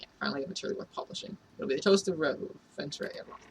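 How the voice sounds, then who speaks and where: A man's voice: on the high side, rapid-fire, gravelly. A man playing through a role-playing game and reading its dialogue aloud. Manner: reads every character's lines himself. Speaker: let's play narrator. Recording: distant mic, noisy room.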